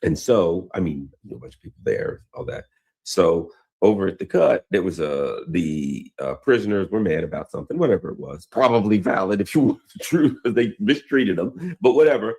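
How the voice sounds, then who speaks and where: A man's voice: deep voice, animated, fairly quick, vocal fry, darkish tone, husky. A man hosting a news commentary show, talking casually and rambling into old stories, with frequent restarts.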